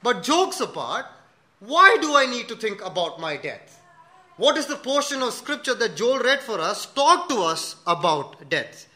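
Bright-voiced high male pastor preaching. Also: a little slow. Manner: animated storytelling, acting out dialogue in a joke; earnest rhetorical questions to the congregation. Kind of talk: sermon.

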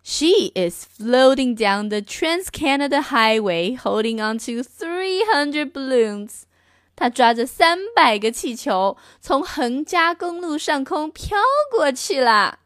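A woman voicing a calm, matter-of-fact librarian in a storybook read-aloud. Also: sits high, slow, no echo, clean studio sound.

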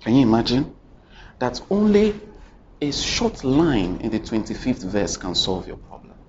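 Speaking in a sing-song voice at a measured pace, a man tells a sermon story with sudden jumps in pitch and loudness. He repeatedly addresses the congregation with questions and repeated lines, and the dull lo-fi recording holds faint ambience and slight background noise.

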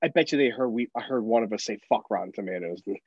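A man's voice: fairly low pitch, fast talker, slightly rough, no echo, dull audio. A man co-hosting a casual movie podcast, ranting bluntly and swearing. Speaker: podcast co-host.

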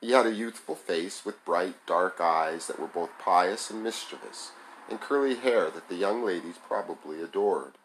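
Low-voiced man reading a novel aloud. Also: normal speed, a bit bright, slight background noise, low-quality recording. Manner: plain amateur reading with small stumbles and self-corrections. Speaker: reader.

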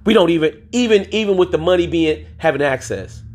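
Husky, profane podcast ranter, a man. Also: a little high, lively intonation, a little fast, a little mellow. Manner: emphatic and profane, swears freely; streetwise slang, addresses listeners directly. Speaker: podcast host. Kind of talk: solo podcast rant.

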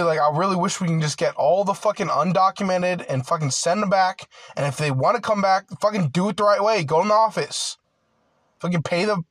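A man's voice: sits high, fairly bright tone, dry recording, poor audio. A young man ranting in a casual monologue, heated and aggrieved, swearing often and stumbling over fillers and restarts. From United States. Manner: profane, rambling, filler-heavy with many "like"s and restarts.

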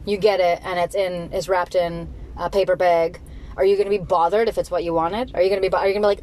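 A woman's voice: quick pace, low-quality recording. A woman talking casually on her own, rambling and swearing freely, acting out whiny voices. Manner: animated, acts out whiny voices in high pitch, swears freely.

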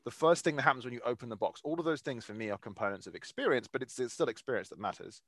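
A man's voice: medium pitch, lively intonation, racing, fairly bright tone, no room sound. A man hosting a podcast, speaking in a thoughtful, articulate way with fairly abstract wording. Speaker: podcast host. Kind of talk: casual podcast interview.

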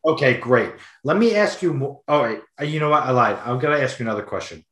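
A man's voice: medium pitch, animated, fast talker, a bit bright, lightly acted. A man voicing an angry, foul-mouthed father ranting on a payphone. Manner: ranting, cursing, combative. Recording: roomy echo.

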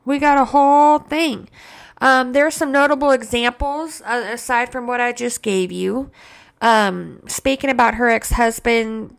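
A woman's voice: a little high, unhurried, fairly bright tone, smooth. A woman hosting a casual solo podcast, profane and sarcastic, drawing out mocking quotes. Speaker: podcast host.

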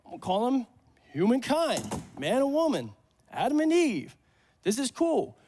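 A man preaching a sermon at a church service, animated and joking, acting out the voices in the Bible stories. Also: very high-pitched, normal speed. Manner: animated, acts out Bible voices, jokes with congregation. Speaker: pastor.

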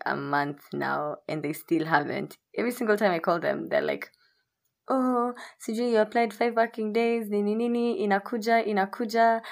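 Low, gravelly young woman. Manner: candid, rambling, swears freely. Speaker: podcast host. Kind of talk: casual solo podcast chat.

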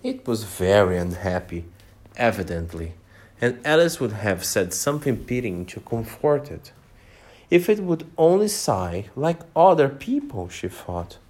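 Man reading a storybook aloud slowly. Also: on the low side. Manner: animated, unhurried, pauses to explain words.

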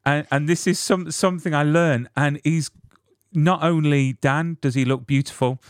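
A man's voice: a little high, steady tone, normal speed, no echo, clean studio sound. A man hosting a casual podcast interview, enthusiastic and full of fillers. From United Kingdom. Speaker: podcast host.

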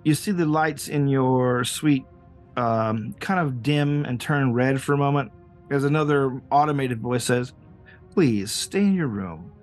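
A man's voice: mid-range voice, steady tone, measured pace, faint music behind. A man narrating as game master, hesitant and full of restarts. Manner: hesitant, many fillers and restarts.

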